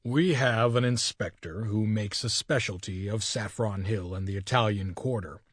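A man's voice: on the low side, normal speed, slightly rough, no echo, studio quality. A man reading the part of a brash, self-assured police inspector, assertive and a little condescending.

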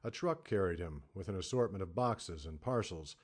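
A man with a fairly low voice narrating an audiobook in a measured, dramatic storytelling manner. He reads steadily, leaning into the tense moments. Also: animated. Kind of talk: scripted narration.

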